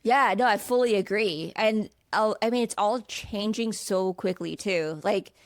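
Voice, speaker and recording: A woman's voice: medium pitch, measured pace, no echo, studio quality. A woman hosting an interview, talking in a rambling, casual way with lots of filler words. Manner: rambling, many fillers like 'like'. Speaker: podcast host.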